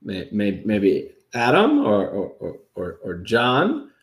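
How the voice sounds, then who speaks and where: A man hosting a livestream panel show, talking in a quick, jokey, upbeat way. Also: lowish voice, huge pitch swings. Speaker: host.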